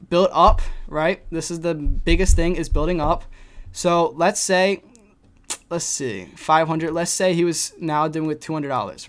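A young man explaining trading risk in a casual screen-share lesson, tossing in "right?" and "you know" a lot. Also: fairly high pitch. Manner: talks fast with frequent "right?" and "you know" fillers. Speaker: trading educator.

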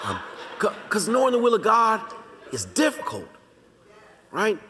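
A pastor teaching a Bible study in a relaxed, conversational way, talking straight to the congregation and slowly repeating his key lines. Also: high-pitched, heavy background noise. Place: church sanctuary. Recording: long reverb of a large church hall.

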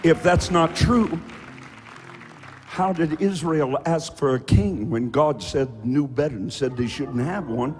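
A man pastor preaching a sermon, building to sung, shouted cadences with repeated rhetorical questions, in a church with music behind. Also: fairly high pitch, slow pace, a faint crowd. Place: church sanctuary.

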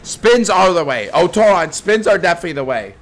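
A young man streaming slots live to his chat, swearing constantly and bursting into screaming hype, his voice going hoarse. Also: sits high, big pitch swings, a little fast. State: losing his voice. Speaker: gambling streamer. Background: faint slot game music.

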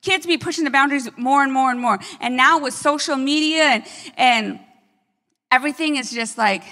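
A woman pastor delivering an energetic sermon, often checking in with the congregation with quick asides. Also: high voice, long reverb tail. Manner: energetic preaching with frequent "right?" asides.

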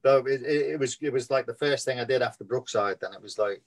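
A man's voice: medium pitch, quick pace, a little hiss or hum. A man in his sixties with a Scouse accent, an actor chatting in a casual interview, telling long rambling anecdotes over a video call. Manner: rambling storyteller, acts out quoted voices.

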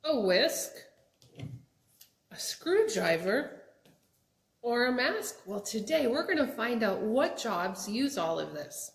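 A young woman teaching children job words, asking them to repeat each word in a slow, sing-song way. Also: on the high side, very animated. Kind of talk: children's vocabulary lesson. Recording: echoey room.

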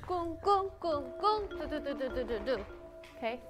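A woman's voice: high-pitched, lively intonation, normal speed. A woman mentor coaching trainees on a talent show, blunt and repeating short commands. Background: loud pop music from the show.

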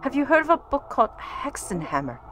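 A woman reading a timid, stammering young male office worker in a game, halting and apologetic. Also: high voice, big pitch swings, fairly bright tone, slight background noise, voice pushed up. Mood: nervous.

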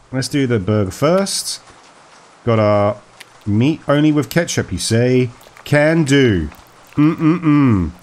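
A man's voice: mid-range voice, darkish tone. A man chatting playfully as he plays a horror game, talking to its characters and joking along. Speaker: gaming video host. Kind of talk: let's play commentary.

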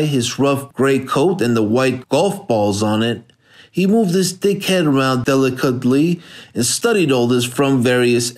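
A man giving steady, measured scripted narration of a hardboiled crime novel. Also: medium pitch. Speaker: audiobook narrator.

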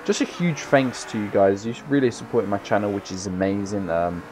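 A tired young man giving casual, rambling gameplay commentary, swearing freely with loud bursts of excitement. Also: lowish voice, a little fast, noisy background. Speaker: gaming YouTuber.

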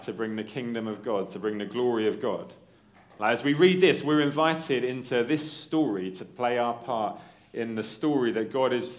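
Male preacher, mid-pitched, conversational church delivery that keeps checking in with the room. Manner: conversational, checks in with "right?" and "okay?"; reads story passages aloud in character voices. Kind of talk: sermon.

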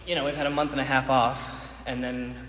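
Relaxed man in an echoey studio. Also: mid-range voice, brisk. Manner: relaxed, chatty, laughs often. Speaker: livestream host reading viewer questions. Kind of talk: casual chat. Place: large echoey dance studio. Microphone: phone livestream. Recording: echoey hall with faint noise.

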